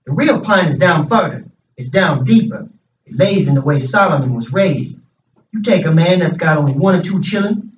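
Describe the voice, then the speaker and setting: A man's voice: high-pitched, slight background noise. A man voicing a stubborn, folksy grown man in a plain reading voice with rustic dialect speech, recorded from a distance in an echoey room with a dull sound.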